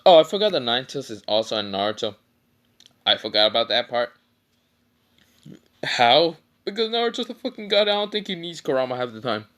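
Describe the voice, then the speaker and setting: Brief: casual, rambling male storyteller, foul-mouthed and tired; bright, animated delivery. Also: medium pitch, brisk, pauses often. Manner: rambling, swearing, many fillers. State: tired after little sleep. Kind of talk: casual fan-fiction storytelling.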